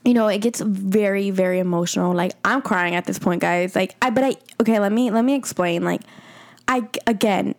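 A woman's voice: medium pitch, fairly quick. Chatty young woman telling a story. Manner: rambling, heavy on "like" fillers, animated retelling. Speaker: podcast co-host. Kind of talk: casual storytelling chat.

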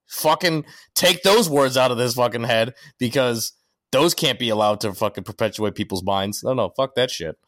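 A man's voice: mid-range voice, moderate pace, a bit bright, no room sound, clean studio sound. A man co-hosting a podcast, ranting in casual chat and swearing constantly. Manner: profane, ranting. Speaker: podcast co-host.

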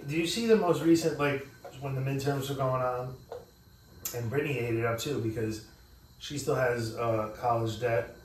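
A man in casual podcast chat, telling stories in an animated, profane way. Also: medium pitch, normal speed, slight background noise. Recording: echoey room, mic at a distance.

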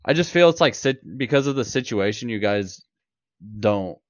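A man's voice: medium pitch, animated, normal speed, no echo, highs cut off. A man co-hosting a podcast, arguing his point emphatically in casual chat and swearing freely. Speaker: podcast co-host.

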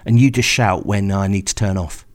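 A man's voice: lowish voice, fairly even intonation, normal speed, close to an everyday voice. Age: adult. Sex: male. Figure: man voicing a stubborn tired truck driver. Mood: insistent. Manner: insistent, rattles off road numbers.

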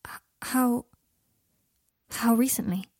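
Earnest young wizard, whispery soft, read by a woman. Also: fairly high pitch, quick pace, creaky, slightly rough, dry recording, studio quality. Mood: gentle. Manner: soft, hushed, often whispered. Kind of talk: fan fiction audiobook reading.

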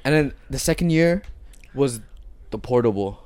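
A man's voice: medium pitch, lively intonation, normal speed, a little mellow. A young man co-hosting a casual podcast, telling rambling stories with lots of swearing and acted-out quotes. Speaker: podcast co-host. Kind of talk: casual chat among friends.

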